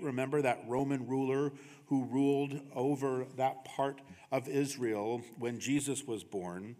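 A man preaches a sermon at a medium pitch, in a loose, conversational way, often checking in with the congregation. His voice carries the long reverb of a church hall. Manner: conversational preaching, frequent "right?" tags. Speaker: pastor. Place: church sanctuary.

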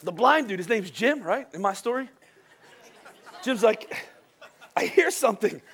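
Man, pastor, sermon, high voice, worn-out voice, joking storyteller, goes quiet for serious parts. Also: expressive, slight background noise. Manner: joking, storytelling delivery that drops soft and slow for serious points. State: voice wearing out from a long day of preaching.

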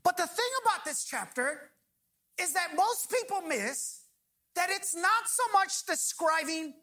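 A woman pastor preaching a sermon. She speaks emphatically, slows down to stress key phrases, and prompts the congregation to finish her lines. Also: very high voice, expressive, sharp tone.

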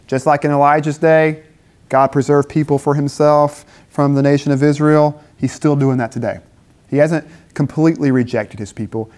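Conversational male preacher, middle pitch. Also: fairly even intonation, normal speed, a little mellow. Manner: conversational, acts out biblical voices with rhetorical questions. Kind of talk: sermon. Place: campus dinner gathering.

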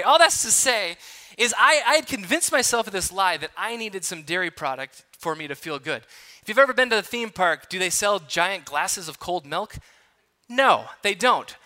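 A man in his thirties from Wisconsin preaching a sermon, telling a personal story in an animated, conversational, self-deprecating way. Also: high-pitched. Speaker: pastor. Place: large church hall.

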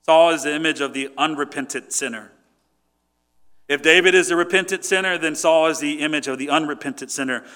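A man preaching a sermon, emphatic and swinging between loud points and quiet asides. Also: a little high, fairly quick. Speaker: pastor.

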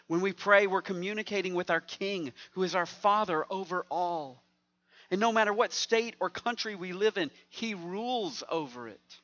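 A man's voice: high-pitched, moderate pace, sharp tone, muffled recording. A man preaching a sermon as pastor, conversational and joking with the congregation.

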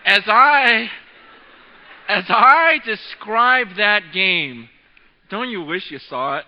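A man in his thirties preaching a sermon, telling a story with excitement, often repeating and restarting his words. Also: high voice, slow pace, pauses often. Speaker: pastor. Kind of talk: sermon with an animated storytelling aside. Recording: echoing hall, dull lo-fi sound.

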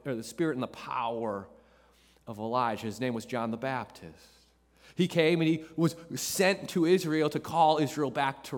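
A man preaching a sermon as pastor, emphatic, repeating key phrases for effect. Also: mid-range voice. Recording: long reverb of a large hall.

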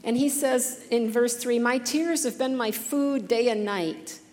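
A woman's voice: on the high side, measured pace, a little mellow, in a large hall, a little hiss or hum. A woman giving an earnest, conversational devotional talk, reading scripture passages with feeling.

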